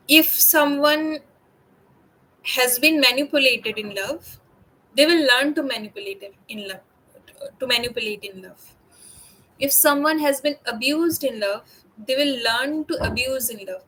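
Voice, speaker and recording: A woman artist talking through her own work in a reflective, casual way, pausing often with fillers and restarts. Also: sits high, bright, forceful tone, rough recording. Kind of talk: casual talk.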